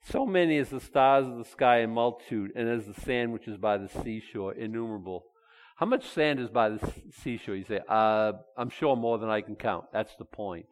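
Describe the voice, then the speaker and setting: A man, folksy and animated, acting out Bible figures in quick dialogue. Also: medium pitch, in a large hall. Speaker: pastor. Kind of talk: conversational sermon.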